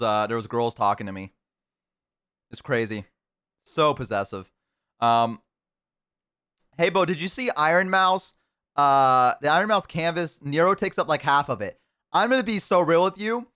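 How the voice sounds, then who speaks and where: A man with a smooth, fairly bright voice on the high side streams himself eating and chatting casually with viewers. He rambles on, putting himself down, with many fillers and restarted sentences.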